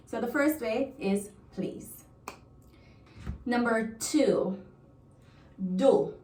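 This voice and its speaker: A woman's voice: on the high side, slow, long pauses, darkish tone, echoey room, distant mic. A woman from Jamaica with a Jamaican accent, teaching a language lesson and patiently repeating example phrases.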